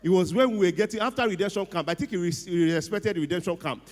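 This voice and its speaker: A middle-aged Nigerian man with a slightly high-pitched voice tells a humorous story on stage. His delivery is animated and full of laughs, and he dips into a hushed voice for quoted lines. The sound rings with the long reverb of a large hall. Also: fast. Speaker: speaker at a ceremony. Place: event hall.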